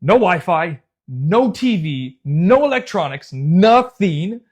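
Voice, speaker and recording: Animated man telling a story. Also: high-pitched, takes it slowly, husky. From United States. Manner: animated, swears a lot, says "bro" and "dude". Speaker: youth soccer coach and channel host. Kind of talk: casual storytelling.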